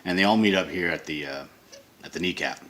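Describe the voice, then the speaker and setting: Low-voiced guy explaining how he draws a leg, rambly, keeps correcting himself, faint room hum. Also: brisk, fairly bright tone. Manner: rambling, self-correcting, thinks aloud while sketching. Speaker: comic artist teaching drawing. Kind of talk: casual drawing tutorial. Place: home studio.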